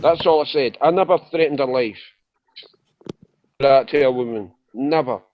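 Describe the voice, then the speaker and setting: A man's voice: medium pitch, moderate pace. Drowsy, rambling man on voice chat. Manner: rambling, apologetic, repeats himself. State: woozy and drowsy from medication. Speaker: chat room panelist. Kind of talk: emotional voice chat. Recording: dull lo-fi voice chat audio.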